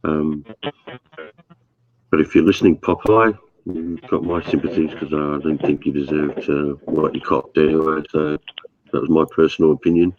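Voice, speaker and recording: A man with a stuffy nose, hosting a relaxed voice chat with easygoing, hesitant talk. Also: extremely low pitch, moderate pace. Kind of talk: casual chat. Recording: slightly dull mic with faint noise.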